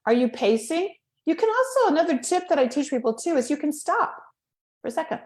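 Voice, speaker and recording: A woman coaching people on speaking, her voice sitting a little high. She keeps acting out her own tips as she talks. The room around her rings with echo. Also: fairly quick. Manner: animated, demonstrates vocal techniques. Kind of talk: casual chat.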